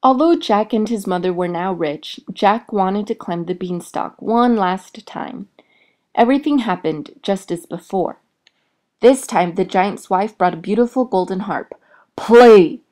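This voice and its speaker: Woman, reading a fairy tale aloud, clear expressive delivery, mid-range pitch. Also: a little slow. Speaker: storyteller.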